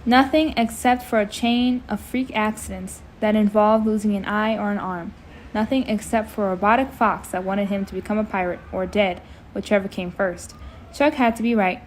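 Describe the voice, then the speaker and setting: A woman reading a scary story aloud in a casual, expressive way, breaking off to chat. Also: mid-range voice, normal speed, slight background noise, low-quality recording. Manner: chatty, expressive, breaks off to comment. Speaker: amateur audiobook reader. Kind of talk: casual read-aloud with commentary.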